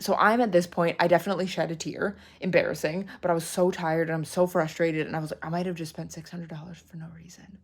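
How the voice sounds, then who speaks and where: Young woman, casual vlog storytelling, exasperated and chatty, lowish pitch. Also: quick pace, hardly any pauses. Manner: animated, exasperated, lots of "like". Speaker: artist vlogger.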